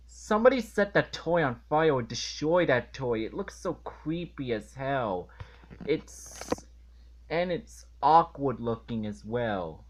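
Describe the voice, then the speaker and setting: Slow, exasperated man ranting. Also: medium pitch. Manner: exasperated, indignant, halting with restarts. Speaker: video reviewer. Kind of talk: ranting cartoon episode review.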